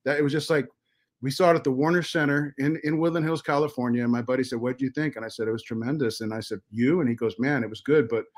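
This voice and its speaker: Middle-aged American man, podcast guest, animated storyteller who swears freely and restarts his sentences. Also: medium pitch, racing. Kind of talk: casual storytelling.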